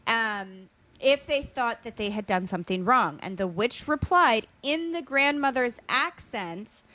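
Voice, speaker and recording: A woman co-hosting a podcast, recounting a ghost story in a relaxed, conversational way with occasional fillers. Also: a little high, unhurried, no room sound. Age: adult with children. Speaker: podcast co-host. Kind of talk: casual storytelling chat.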